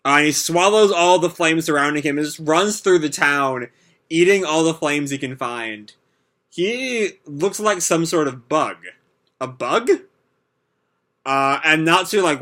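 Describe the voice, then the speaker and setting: A man hosting a manga reaction, narrating each panel and giving his opinions. He rambles, with many fillers and restarts. His voice is a little high, bright and forceful. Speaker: manga reaction video host. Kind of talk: reading a manga chapter aloud and commenting.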